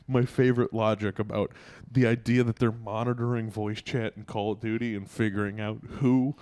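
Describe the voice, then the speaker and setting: A man's voice: lowish voice, level tone, normal speed, darkish tone. A man hosting a podcast, chatting casually with a plain, standard-sounding voice, rambling and laughing. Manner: rambling, restarts, frequent laughter. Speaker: podcast host. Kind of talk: casual comedic chat.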